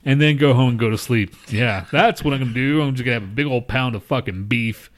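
A man's voice: medium pitch, quick pace. A man co-hosting a podcast, swearing and laughing through casual banter. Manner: laughing, swearing, lively teasing. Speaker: podcast co-host.

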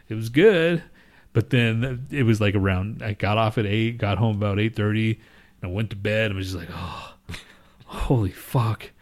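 A man co-hosting a podcast, swearing and laughing through casual banter. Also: mid-range voice. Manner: laughing, swearing, lively teasing. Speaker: podcast co-host.

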